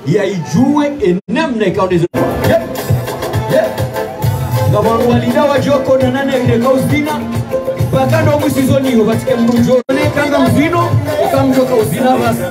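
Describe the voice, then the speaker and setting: A man from Comoros addresses fellow protesters in a loose, chatty way, his voice sitting fairly high. He sounds far from the recorder. Music plays clearly behind him in the open square. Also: brisk, a loud crowd. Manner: chatty, interjects short yeps. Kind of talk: informal address to a protest crowd. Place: outdoor city square at a protest. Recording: distant mic with music nearby.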